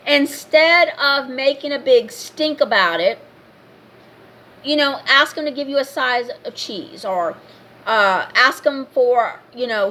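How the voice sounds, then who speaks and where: A woman's voice: high-pitched, pushed and bright. A woman vlogger in a casual rant to camera, blunt and scolding, repeating her points.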